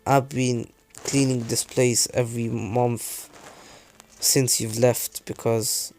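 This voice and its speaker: A man doing a soft-spoken kind old landlord. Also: mid-range voice, flat delivery, takes it slowly, gravelly, faint music behind. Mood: gentle. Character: kind older male landlord, gentle and hopeful.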